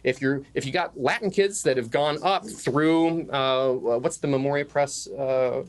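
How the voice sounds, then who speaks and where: A man's voice: mid-range voice, measured pace. A middle-aged man teaching a conference session on Latin poetry, joking with the room and chanting the beats of the meter aloud. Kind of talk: lively classroom lecture. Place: conference classroom.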